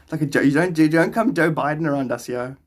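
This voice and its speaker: Male livestreamer with a fairly high voice on a phone mic, loose and rambling, laughs a lot. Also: quick pace. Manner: laughs often, rambling and playful. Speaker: livestreamer answering viewer questions. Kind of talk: casual livestream chat.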